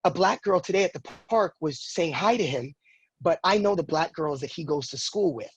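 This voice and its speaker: A man's voice: a little high, animated, normal speed, breathy edge, no echo. A man in his late thirties, speaking earnestly and frankly as an interview guest, often repeating words as he works through a thought. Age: 30s. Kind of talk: casual conversational interview.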